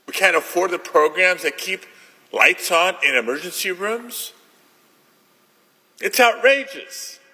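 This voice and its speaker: A man senator making a deliberate, indignant floor speech. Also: high voice, lively intonation, pushed and bright. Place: large legislative chamber. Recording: echoey legislative chamber.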